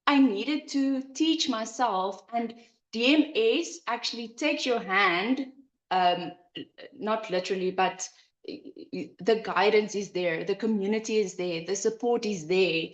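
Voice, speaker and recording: A woman's voice: mid-range voice, slow. A woman telling her personal story as a heartfelt testimonial, often re-enacting her own past thoughts. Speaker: online business member sharing her story. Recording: roomy, slightly muffled.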